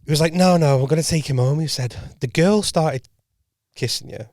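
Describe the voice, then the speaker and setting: A man co-hosting a podcast, telling a rambling anecdote in casual chat, full of self-corrections and quoted dialogue that he voices quietly. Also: fairly high pitch, moderate pace, no room sound, studio quality. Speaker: podcast co-host and comedian. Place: podcast studio.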